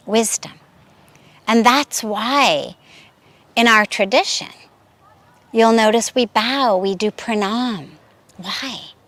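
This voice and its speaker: A woman spiritual teacher giving a reflective sermon and telling a teaching story in a measured way. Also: fairly high pitch, fairly bright tone, no echo.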